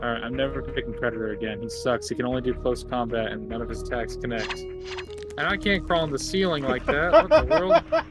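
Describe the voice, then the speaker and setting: A man's voice: mid-range voice, fairly quick, over loud music. A young man hosting a gaming video, chatting and joking with friends during a multiplayer match. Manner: animated, joking, bursts of laughter. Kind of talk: casual multiplayer game chat.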